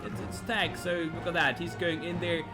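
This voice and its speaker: A man casting a live strategy game match, animated and joking, acting out the players in little quoted voices. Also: fairly high pitch, moderate pace. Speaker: esports caster. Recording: music playing under the voice. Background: music.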